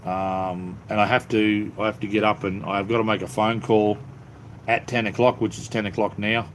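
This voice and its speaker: A man's voice: lowish voice, level tone, normal speed, slight background noise. A middle-aged man with an Australian accent, hosting a casual live stream in a rambling, laid-back way with many ums. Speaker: livestream host. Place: cleared-out space under his house.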